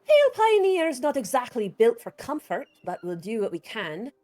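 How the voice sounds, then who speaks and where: A woman voicing a raspy female ship captain who greets passengers aboard her vessel. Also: fairly high pitch, huge pitch swings, moderate pace, darkish tone, faint music behind, voice pushed up. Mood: welcoming.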